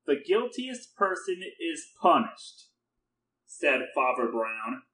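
A man reading a classic mystery story aloud in measured narration, voicing the dialogue. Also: mid-range voice, sharp tone. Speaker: audiobook reader. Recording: roomy echo.

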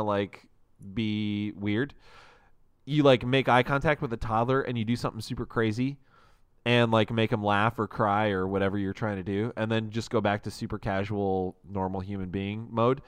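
A man co-hosting a casual podcast chat, animated and acting out the scenes he describes. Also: medium pitch, smooth, dry recording, studio quality.

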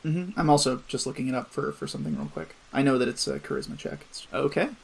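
A man narrating and running a tabletop game, explaining rules calmly. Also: mid-range voice, fast, gravelly, crowd noise. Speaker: game master.

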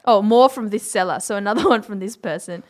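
A woman's voice: mid-range voice, fast, a little mellow. An Australian woman co-hosting a comedy podcast, chatting casually and giggling as she reads out ads with mock emphasis. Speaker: podcast co-host.

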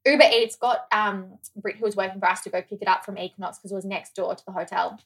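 A woman from Australia chatting casually as a podcast co-host, telling stories in an animated way, swearing freely and acting out what people said. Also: medium pitch, fast, husky. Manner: animated, swears freely, acts out quoted dialogue. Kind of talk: casual chat, storytelling.

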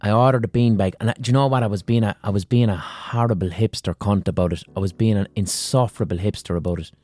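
A man's voice: on the low side, fast, darkish tone, no room sound. An Irish man hosting a podcast, delivering a rambling, profane comic monologue. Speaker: podcast host.

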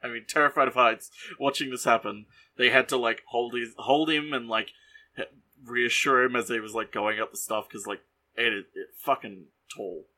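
A man co-hosting a podcast, casually sharing behind-the-scenes trivia in a halting way, full of ums and likes. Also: medium pitch, fairly even intonation, pushed and bright. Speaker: podcast co-host.

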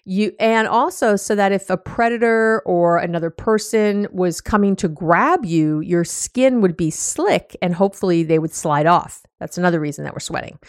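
A woman hosting a relationship podcast, explaining things in a casual, animated way with lots of "you know" and little acted-out exchanges, teasing her listeners fondly. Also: lowish voice, moderate pace, few pauses, no room sound, clean studio sound. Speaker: relationship coach and podcast host.

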